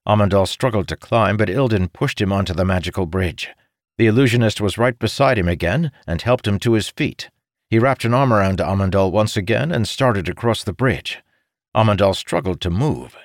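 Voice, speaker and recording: A man narrating a fantasy audiobook in a steady, measured reading. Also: lowish voice, no echo, studio quality.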